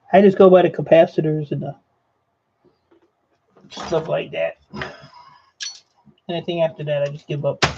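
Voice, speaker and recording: A man's voice: a little high, creaky. A man casually narrating as he sorts scrap circuit boards, rambling and blunt, talking to viewers. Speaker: e-waste scrapper vlogger. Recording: lo-fi dull audio with faint noise.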